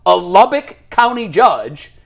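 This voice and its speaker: A man's voice: sits high, very animated, slow pace, gravelly. A man co-hosting a casual sports talk show, giving firm opinions and laughing at his own points. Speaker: sports radio co-host.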